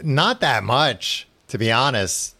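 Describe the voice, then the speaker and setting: A man's voice: mid-range voice, very animated, slow, bright, forceful tone. A man co-hosting a podcast, dry and teasing, laughing often in casual comedic chat. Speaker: podcast co-host.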